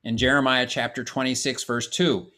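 A man giving a measured, explanatory Bible course lecture, reading passages aloud and explaining them. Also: mid-range voice, little pitch movement, sharp tone. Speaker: Bible teacher. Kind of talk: classroom lecture on scripture.

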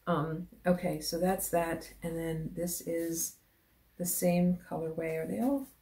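A woman vlogger chatting casually as she unboxes gifts on camera, gushing and often dropping into breathy whispers of delight, rambling with restarts. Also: lowish voice, dark tone. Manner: rambling with many restarts and fillers. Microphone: camera mic.

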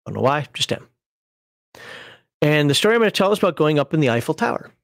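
A man's voice: fairly high pitch, very animated, fast, vocal fry, no room sound, studio quality. A middle-aged man hosting, explaining game rules through a personal story, laughing at himself and restarting his sentences.

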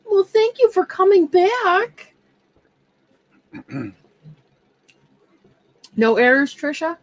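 A woman's voice: very high-pitched, big pitch swings, extremely slow, no echo, poor audio. A woman running a live online sale, reading viewer comments aloud and calling out bids. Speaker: live auction seller. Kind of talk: live-stream auction chat.

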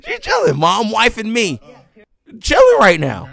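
A man's voice: extremely high pitch, huge pitch swings, slow pace, vocal fry, fairly bright tone, dry recording. Pissed-off guy on a live stream, voice jumps all over, swearing a lot, dry close mic. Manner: heated, swearing, laughing between lines.

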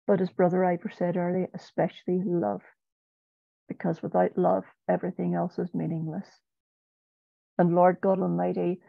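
A woman's voice: fairly low pitch, vocal fry, no echo. A woman in an online prayer group, praying earnestly with repeated pleading phrases. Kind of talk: spoken prayer. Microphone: video call. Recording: dull, dry video-call audio.

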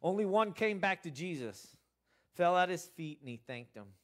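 A man's voice: lively intonation, moderate pace, fairly bright tone. Earnest man preaching with swings in volume. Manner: earnest, rising to emphatic bursts then dropping low. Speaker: pastor. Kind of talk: sermon.

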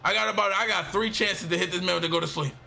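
Hyped young man yelling over gameplay. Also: sits high, steady tone, quick pace, vocal fry, noisy background. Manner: hyped, repetitive slang talk. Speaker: gaming YouTuber. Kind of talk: excited gameplay commentary. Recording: game music underneath.

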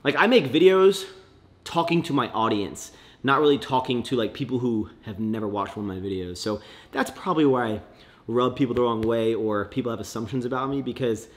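A young man talking casually to camera in a vlog, joking and animated, swinging between loud excitement and low mutters. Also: a little fast. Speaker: fitness vlogger.

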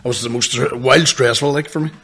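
A young man on a casual podcast, swapping sweary stories through bursts of laughter. His voice is bright and forward, at a middle pitch. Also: fairly even intonation, fast talker, husky. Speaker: podcast co-host. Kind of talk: casual storytelling chat.

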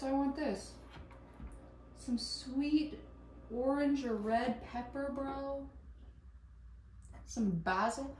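Rambling excitable woman in an echoey kitchen. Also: a little high, slight background noise. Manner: rambling, excitable, profane, laughs often. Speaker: vlogger. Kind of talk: casual cooking vlog chat. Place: home kitchen. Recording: echoey room, voice a bit far from mic.

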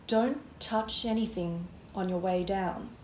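A woman reading a calm, grave older grandfather who gives gentle warnings. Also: medium pitch, slow pace, reverberant, slight background noise, lightly acted. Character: kindly older grandfather, a former magician.

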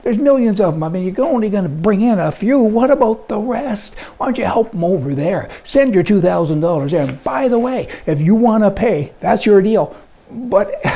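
Gravelly, indignant male commentator. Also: high-pitched, mellow, muffled recording. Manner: folksy, indignant, rambling. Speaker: political commentary blogger. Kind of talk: opinionated monologue. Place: Canada.

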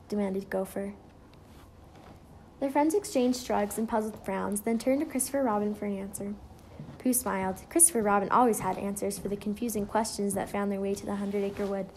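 A woman reads a children's picture book aloud in a gentle storytelling manner. She gives each character a light, different voice as she goes. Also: medium pitch, fairly even intonation, a little fast. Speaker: storybook reader.

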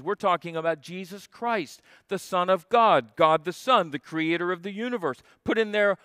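A man preaching a sermon as a guest pastor, stressing key phrases and slowing down to repeat them. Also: high voice, a bit bright, no echo, clean studio sound. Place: church sanctuary.

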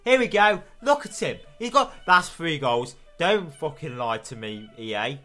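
Excitable young British gamer, swearing. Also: male voice, a little high, a little slow, faint music behind. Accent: British English. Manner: excitable, swearing, shouting at the ref. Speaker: gaming video host. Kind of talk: live gameplay commentary.

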